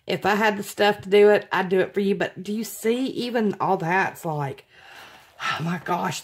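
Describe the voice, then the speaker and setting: Giddy woman gushing over crafts. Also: mid-range voice. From Alabama. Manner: gushing, giddy, laughs often, apologetic. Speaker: craft vlogger. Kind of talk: unboxing vlog chat.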